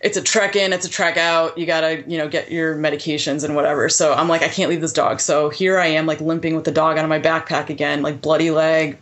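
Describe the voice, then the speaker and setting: A woman in her thirties with a somewhat low voice tells a personal story to a podcast host. She talks in an animated, lively way and fills her sentences with "like.". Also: fairly quick, hardly any pauses. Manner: animated, heavy use of "like" fillers. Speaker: podcast guest.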